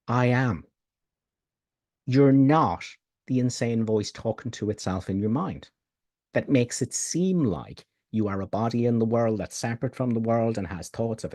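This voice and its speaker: A man teaching spiritual ideas in a slow, calm way that turns hushed and quiet on key lines. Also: medium pitch.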